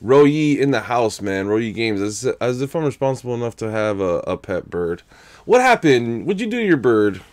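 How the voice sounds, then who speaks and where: A man's voice: mid-range voice, big pitch swings, normal speed, dry recording. A young man casually commenting on his game live, using slang and thanking viewers for donations. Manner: casual, laughs loudly, slangy, reads donations aloud. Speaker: streamer. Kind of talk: live-stream gameplay commentary.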